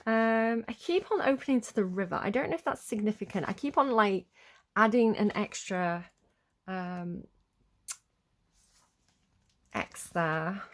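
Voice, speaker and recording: A woman chatting through a tarot reading in a loose, rambling way. She wanders off on tangents and apologizes for them, then settles back into reading card meanings at an unhurried pace. Her voice sits at an ordinary middle pitch. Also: animated. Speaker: tarot reader. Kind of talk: casual tarot reading to camera.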